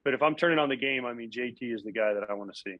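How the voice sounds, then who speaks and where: Lively storytelling former ballplayer. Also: male voice, mid-range voice, very fast, no room sound, muffled recording. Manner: animated, acts out quotes. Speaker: guest, former catcher and analyst. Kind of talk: casual storytelling interview.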